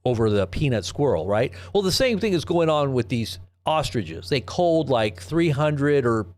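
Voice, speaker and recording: A man's voice: mid-range voice, sing-song, normal speed. A man hosting a live commentary stream, talking in a rambling, sarcastic way with frequent restarts and rhetorical questions. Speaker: host of a live news commentary channel.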